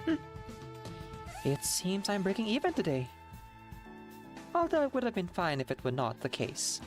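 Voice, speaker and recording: A woman voicing a kind, easygoing woman taxi driver in a fan game dub, with a plain, gently wry way of talking. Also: medium pitch, wildly swooping pitch, normal speed, faint music behind.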